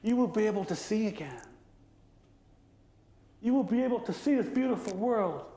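A man voicing Raven, a sly, greedy male trickster from a told legend, bragging and coaxing in drawn-out, wheedling tones. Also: high voice, animated, warm tone, pitched above the performer's own voice. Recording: echoey lecture room.

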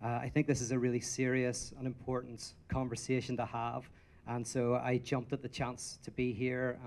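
A man with a Northern Irish accent giving a talk to a live audience, quick and joking, poking fun at himself. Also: medium pitch, darkish tone. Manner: quick, joking, self-mocking delivery. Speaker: guest speaker.

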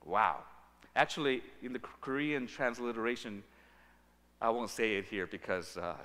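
A man preaching a sermon as pastor, animated and acting out the lines he quotes. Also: lowish voice. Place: church sanctuary. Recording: long reverb of a church sanctuary.

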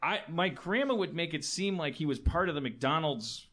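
A man telling a story in casual chat, rambling and halting, with many restarts, often laughing as he talks. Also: fairly high pitch, lively intonation, a bit bright.

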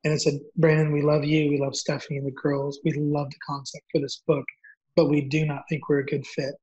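A man telling a story as a guest author, acting out the dialogue in an animated way. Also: fairly high pitch, a little fast. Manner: animated, acts out quoted dialogue. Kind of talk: storytelling in an interview. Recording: dull lo-fi audio.

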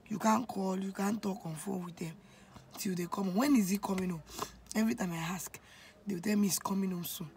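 A Nigerian-accented woman in her twenties shares a heartfelt personal story on her vlog. Her voice sits at an ordinary middle pitch, and she confides in her viewers as if talking to friends. A faint hiss lies underneath. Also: fairly even intonation, a little fast, creaky, a little mellow. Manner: emotional, confiding storytelling that addresses viewers directly. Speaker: vlogger.

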